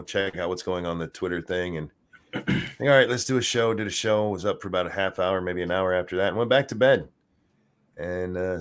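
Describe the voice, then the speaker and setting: Worn-out deep-voiced grandfather rambling. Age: older. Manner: rambling, tired, swears casually. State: worn out, weak. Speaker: podcast co-host. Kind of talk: casual chat.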